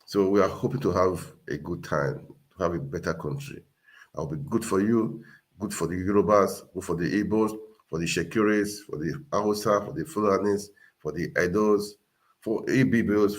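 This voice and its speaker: Man, very low voice, earnest livestream host, repeats his points. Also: normal speed. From Nigeria. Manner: earnest, repetitive, exhorting. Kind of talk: casual livestream monologue.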